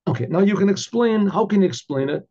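A man, a rabbi, telling a story in a halting way, repeating words and often clearing his throat. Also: high-pitched, expressive, mellow, dull audio. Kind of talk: oral storytelling.

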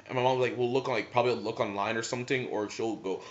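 A man's voice: medium pitch, fast. A young man casually telling rambling stories about watching anime with his father, full of "like" fillers, on a slightly muffled recording. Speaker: vlogger. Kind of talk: casual storytelling.

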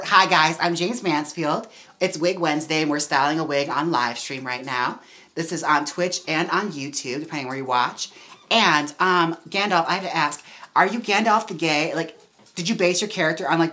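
On a relaxed livestream, a woman works on a wig as she talks, her voice sitting low with a slightly bright edge. She giggles a lot, chats freely, and leans heavily on "like."

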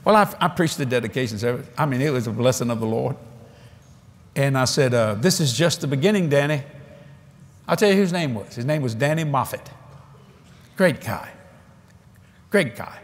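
A man preaching at a convention, telling a story in a folksy, animated way with frequent restarts, speaking into a stage microphone before a congregation. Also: mid-range voice, normal speed, long pauses. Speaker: evangelist preacher. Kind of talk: storytelling sermon.

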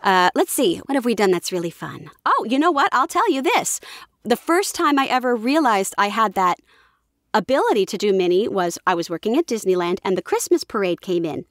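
Woman, young adult, voice actress, lively, dry close mic. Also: medium pitch, a little fast, no echo. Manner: enthusiastic, animated, often slips into voices. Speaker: voice actress guest. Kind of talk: casual interview chat.

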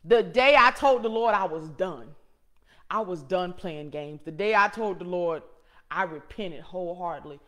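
A middle-aged woman hosting her own show, preaching a personal testimony in an emphatic way that swings from loud to hushed. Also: fairly low pitch, moderate pace. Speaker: host and motivational speaker.

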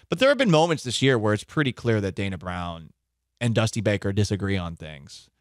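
A man's voice: fairly low pitch, no room sound, studio quality. A male sports radio host giving conversational, opinionated commentary, often correcting himself mid-sentence. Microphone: studio microphone.

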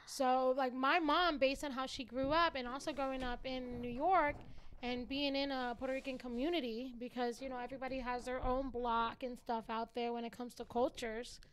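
A woman's voice: high-pitched, little pitch movement, normal speed, fairly bright tone, slight background noise. A woman guest on a casual podcast, talking in a sassy, emphatic and slangy way. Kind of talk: casual chat.

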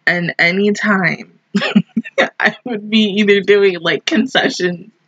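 A young woman in her twenties hosting an anime reaction, telling stories in a casual, animated way that keeps breaking into laughter. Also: medium pitch, slow. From Southern United States. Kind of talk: casual review chat. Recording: dull lo-fi mic sound.

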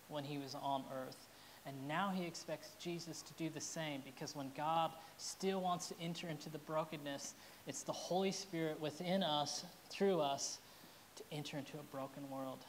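A woman's voice: low-pitched, steady tone, moderate pace, a little hiss or hum. Earnest, emotional woman pastor preaching. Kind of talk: sermon.

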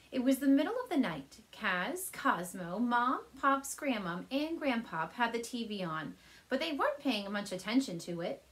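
Animated woman reading aloud to kids. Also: on the high side. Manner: gentle, animated storyteller addressing kids. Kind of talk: children's read-aloud. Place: home, on a couch.

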